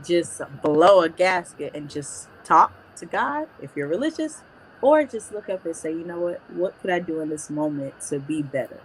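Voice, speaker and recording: A woman's voice: sits low, slight background noise, rough recording. A young woman speaking as a panelist in a casual talk, candid and straightforward.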